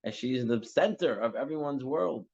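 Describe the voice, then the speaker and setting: A man teaching a religious class, telling a parable with lively, acted-out dialogue before drawing the lesson. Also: mid-range voice, normal speed, gravelly. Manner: animated storytelling, acting out characters' lines. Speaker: teacher giving a Torah class. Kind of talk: storytelling sermon. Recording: dull lo-fi class recording.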